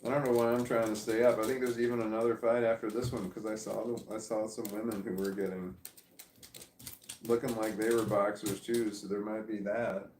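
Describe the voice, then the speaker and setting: A man talks on and on at home, sleepy and meandering, pleased with his own stories. His voice sits a little low. The room gives it a noticeable echo. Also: flat delivery, a little fast, a little mellow, a little hiss or hum. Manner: meandering, chatty, self-amused. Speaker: vlogger. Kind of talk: casual rambling monologue.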